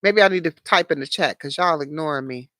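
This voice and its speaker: A woman's voice: low voice, a little fast, bright, forceful tone, dry recording, clean studio sound. A woman hosting a casual live stream, chatting straight to her viewers and laughing often. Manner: laughs often, talks to chat directly. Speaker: livestream host.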